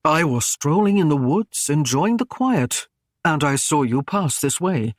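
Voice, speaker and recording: A flattering, smooth-talking knight, voiced by a male reader who coaxes and woos, speaking a touch louder than the narration. The sound is close and dry, in a storybook telling. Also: fairly high pitch, unhurried, no room sound. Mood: coaxing. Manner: coaxing, flattering.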